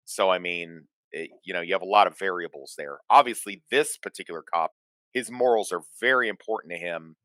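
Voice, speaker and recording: A man co-hosting a casual chat, explaining things in a halting way with many restarts. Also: low-pitched, fairly bright tone, no echo.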